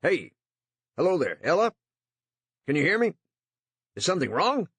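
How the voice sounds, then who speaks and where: A man's voice: on the high side, big pitch swings, normal speed, a bit bright, husky, no room sound, pitched above the performer's own voice, heavily acted. A man voicing a worried middle-aged businessman who speaks in anxious, rising bursts in an audiobook. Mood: panicked.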